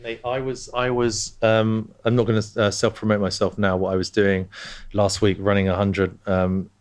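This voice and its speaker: A man's voice: on the low side, flat delivery, normal speed. Enthusiastic, rambling man. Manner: enthusiastic, rambling with many restarts. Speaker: brand co-founder, guest. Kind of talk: casual conversation.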